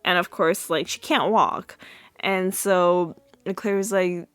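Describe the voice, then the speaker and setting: A woman's voice: on the low side, steady tone, takes it slowly, clear, resonant tone, no echo. A young woman podcast host recapping a sitcom episode in a chatty way, full of fillers and restarts. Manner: chatty, many fillers and restarts, laughs at own retelling.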